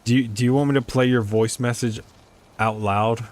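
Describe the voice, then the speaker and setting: A man of medium pitch and steady tone talks at normal speed while streaming a life-sim game. His casual commentary wanders as he muses aloud, stumbling over words when he attempts pronunciations.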